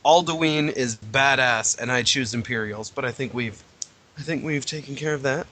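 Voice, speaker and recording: Man, podcast co-host, crisp bright voice, middle pitch, salty casual storytelling. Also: normal speed. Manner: swears freely, lively anecdotes. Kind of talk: casual chat about a video game.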